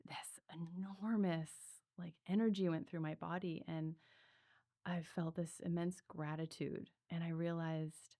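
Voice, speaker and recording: A woman's voice: on the low side, little pitch movement, a little slow, mellow, no echo, clean studio sound. A woman breathwork coach telling her story in a podcast interview, earnest and reflective, with many fillers.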